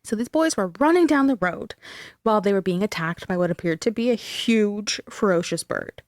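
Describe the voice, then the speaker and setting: A woman's voice: medium pitch, lively intonation, moderate pace, no room sound, studio quality. A young woman podcast host telling a spooky local legend in casual, swear-filled chat. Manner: chatty, swears freely, tells the story.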